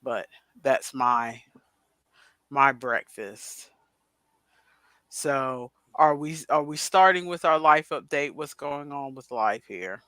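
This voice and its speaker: Bright, chatty middle-aged woman. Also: rumbling low, slow, pauses often, no echo. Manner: rambling, chatty, many asides. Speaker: podcast co-host. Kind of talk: casual chat. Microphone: video call.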